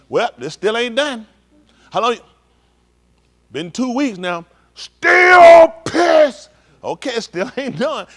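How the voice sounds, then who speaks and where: A male preacher, giving an informal, animated sermon with shouted bursts and acted-out scenes. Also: high-pitched. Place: synagogue hall.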